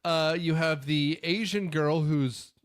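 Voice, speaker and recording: Male podcast fill-in host, high pitch, sarcastic ranter. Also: steady tone, takes it slowly, clear, resonant tone. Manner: sarcastic, ranting. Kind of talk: casual podcast banter.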